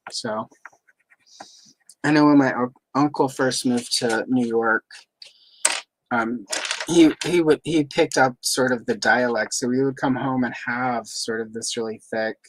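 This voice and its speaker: A woman's voice: rumbling low, poor audio. A woman from the Southern United States who has no accent, chatting casually and rambling as a livestream host. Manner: chatty, rambling, many fillers. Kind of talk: casual chat.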